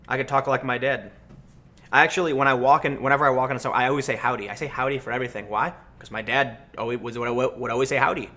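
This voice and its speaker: An American man hosting a livestream, answering chat questions and telling stories in a casual, animated way. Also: mid-range voice, quick pace. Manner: animated storytelling, acts out voices in anecdotes. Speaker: livestream host.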